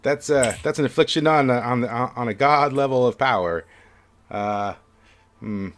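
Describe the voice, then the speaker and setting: A man's voice: mid-range voice, normal speed, a bit bright, voice pushed up, close to an everyday voice. A man voicing an odd, cautious male satyr shopkeeper in a tabletop game, speaking hesitantly with stammers. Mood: quizzical.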